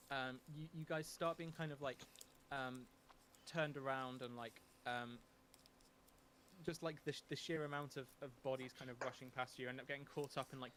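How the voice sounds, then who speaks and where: A man runs a tabletop role-playing session, pausing often with ums and restarting his sentences. His pitch sits in a middle range, and a faint hum sits under the recording. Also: fairly bright tone. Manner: hesitant, many ums and restarts. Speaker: game master. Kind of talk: narrating a tabletop game.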